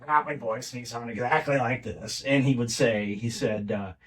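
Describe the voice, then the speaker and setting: A man's voice: medium pitch, fairly even intonation, normal speed, recorded from a distance. A middle-aged man, a podcast guest, telling family stories in a casual, rambling way with many restarts. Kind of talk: casual conversational storytelling.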